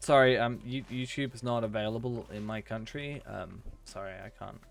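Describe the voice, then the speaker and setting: A young male streamer talks casually to his viewers while he plays, chatty and self-mocking, and he sometimes rants in frustration. His voice sits at an ordinary middle pitch. Faint music plays behind him. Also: normal speed, vocal fry. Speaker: game streamer. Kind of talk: casual live-stream chat while gaming.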